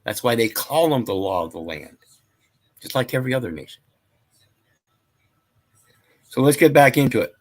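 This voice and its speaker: A man's voice: mid-range voice, expressive, normal speed, long pauses. A man lecturing casually, reading out statute numbers and scripture in a rambling, preachy way. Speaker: channel host.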